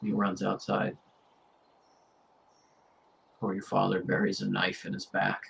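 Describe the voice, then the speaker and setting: Man, game master, gravelly and slow-spoken, grave second-person narration for a tabletop game. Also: deep voice, monotone, a bit bright, slight background noise, low-quality recording.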